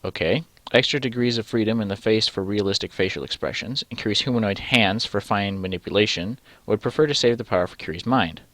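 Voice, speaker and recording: A young man hosts a let's-play, reading a choose-your-own-adventure game aloud and rambling through his choices, cutting himself off mid-sentence and swearing casually. His voice is fairly low and fairly bright, and he talks briskly with hardly any pauses. There's no room sound.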